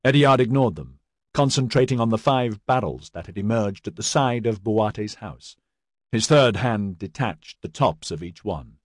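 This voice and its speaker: A man reads an audiobook in a steady, even storytelling manner. His voice is low and the recording is dry and close, with no room sound. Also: unhurried, dry recording. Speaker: audiobook narrator. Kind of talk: scripted narration.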